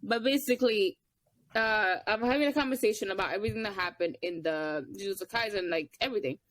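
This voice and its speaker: A young woman co-hosting a podcast, telling stories in casual chat and acting out the quotes with big jumps in her voice. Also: fast. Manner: animated storytelling, acts out quotes with big pitch jumps. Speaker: podcast co-host.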